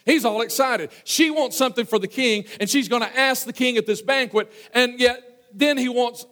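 A man preaching a sermon, retelling a Bible story and dropping low and soft for quoted lines. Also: moderate pace, big-room sound. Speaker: pastor.

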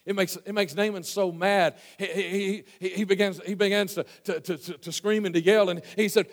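Folksy high-voiced preacher in an echoing hall. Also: male voice, fairly even intonation, moderate pace. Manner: folksy, storytelling, many fillers and restarts, swings from hushed to loud. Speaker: pastor. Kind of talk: sermon. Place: church sanctuary.

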